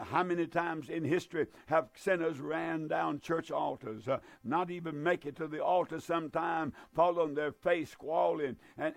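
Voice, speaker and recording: A man preaching a fervent sermon, emphatic and repetitive, with drawn-out stresses. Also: on the high side, vocal fry, no room sound.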